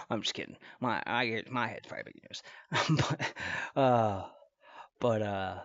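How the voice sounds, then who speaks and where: A man's voice: fairly low pitch, measured pace, no room sound. Cussing streamer guy rambling at his desk, dry close sound, kinda muffled mic. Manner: profane, rambling, trash-talking. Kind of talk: casual live-stream reaction. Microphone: computer mic at desk.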